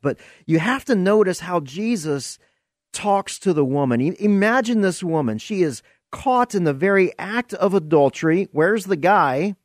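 Slow, earnest higher-voiced man preaching. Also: no echo, studio quality. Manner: earnest, emphatic storyteller. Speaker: podcast host. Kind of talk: preaching-style podcast monologue.

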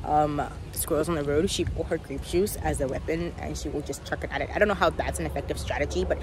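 A woman's voice: sits low, fast. A playful young woman from South Africa chatting casually to camera in a vlog, recorded outdoors. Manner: playful, jokey, often puts on silly accents. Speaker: vlogger. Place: outdoors in a park. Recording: outdoor noise in the background.

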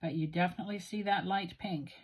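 A woman's voice: fairly low pitch, steady tone, fast, breathy edge, dull audio. A woman with a Western Canadian accent, musing aloud in a self-deprecating way as she swatches inks. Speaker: stationery video host. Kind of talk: casual narrated ink swatching.

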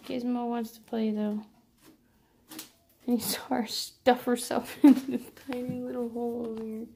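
Gravelly-voiced woman chatting at home. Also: on the high side, level tone, moderate pace, warm tone. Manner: chatty, laughing, talks to her cats. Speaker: vlogger filming her cats. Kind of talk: casual home vlog chat.

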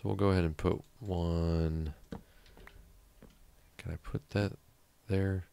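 Deep gravelly man narrating gameplay. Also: fairly even intonation, slow, long pauses, warm tone. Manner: chatty, thinks aloud, mutters counts under his breath. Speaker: let's play host. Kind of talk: casual gameplay commentary.

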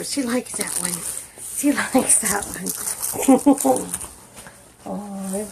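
A woman's voice: mid-range voice, slow pace, gravelly, pauses often, noisy background. A woman dog breeder filming a puppy on her phone at home, chatting casually and cooing baby talk with frequent laughs.

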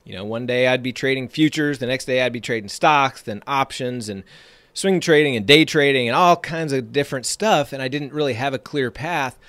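Male trading-podcast host, upbeat motivational talker, punchy repetition, average pitch, dead-dry recording. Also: normal speed, no echo. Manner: energetic, emphatic, repeats phrases for effect.

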